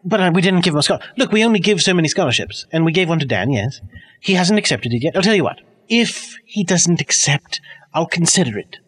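A fast, animated man rattles on in a blustering, flustered way, his voice jumping around in pitch. The recording carries a long, echoey reverb. He plays a college dean on an improvised comedy podcast. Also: breathy edge. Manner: blustering, flustered, quick back-and-forth.

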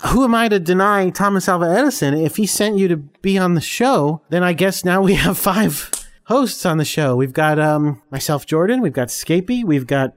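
A man's voice: high voice, animated, moderate pace. Flustered stammering man hosting. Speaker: podcast host. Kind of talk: improvised comedy podcast.

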